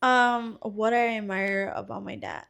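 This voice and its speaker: A woman's voice: mid-range voice, a little slow, creaky, clear, resonant tone. A woman in her twenties, a podcast co-host chatting casually, telling stories with lots of swearing and acted-out quotes. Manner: animated storyteller, swears freely, acts out quotes. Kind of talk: casual chat.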